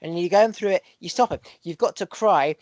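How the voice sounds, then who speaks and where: Male podcast host, earnest and preachy, higher-pitched voice, dry close sound. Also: moderate pace, dry recording. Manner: earnest, preachy, repeats phrases in rhythm; swears for emphasis. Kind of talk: casual podcast chat.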